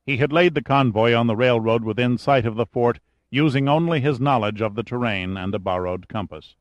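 A man narrating an audiobook in a steady, even reading voice. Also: medium pitch, a little fast, no room sound, muffled recording.

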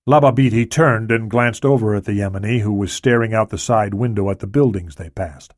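A man narrating a thriller audiobook in a steady, matter-of-fact way. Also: on the low side, fairly quick, no echo, clean studio sound.

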